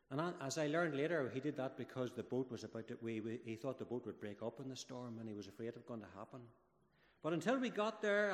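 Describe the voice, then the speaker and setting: Man telling a children's sermon in an echoey church. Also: medium pitch. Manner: lively storytelling, building up dramatic moments. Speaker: preacher giving a children's talk. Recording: echoey church hall with long reverb.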